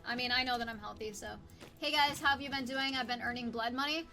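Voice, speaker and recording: Chatty high-voiced woman co-hosting a stream. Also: steady tone, fast, pushed and bright, soft background music. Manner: chatty, emotional, laughs a lot. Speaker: streamer's wife and co-host. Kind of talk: casual live-stream chat.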